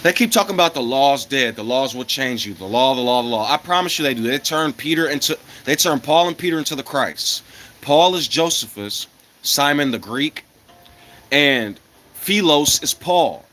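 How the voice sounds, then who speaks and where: An American man with a mid-range, expressive voice speaks at a normal pace with a sharp tone. He delivers an angry, profane monologue to his viewers, bluntly firing off rhetorical questions and coughing now and then. His manner is combative throughout, and he keeps returning to rhetorical questions.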